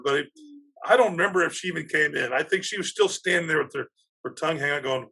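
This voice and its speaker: Male podcast guest, athletic director; husky, bright, slightly high voice; animated storyteller. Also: quick pace, pauses often. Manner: animated, laughs through his stories.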